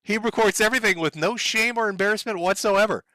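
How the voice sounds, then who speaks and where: A man's voice: high-pitched, fast talker, pushed and bright, no echo. A man hosting a video commentary, talking sarcastically and animatedly, often breaking into laughter. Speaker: online commentary host.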